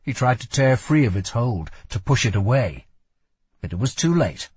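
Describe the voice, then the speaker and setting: A man narrating a fantasy audiobook with slow, expressive storytelling. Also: mid-range voice, slightly rough, dry recording. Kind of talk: scripted narration.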